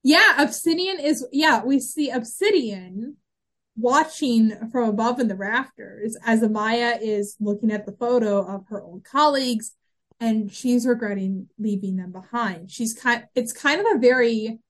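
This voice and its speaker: A woman's voice: on the high side, measured pace, fairly bright tone. A woman co-hosting a podcast, chatting casually and restarting her sentences as she recaps an episode. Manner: chatty, frequent restarts and fillers. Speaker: podcast co-host.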